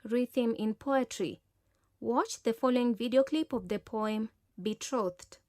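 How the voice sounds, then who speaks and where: A woman teacher giving a scripted lesson narration in a slow, measured, clear manner. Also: fairly high pitch, darkish tone, no echo, studio quality.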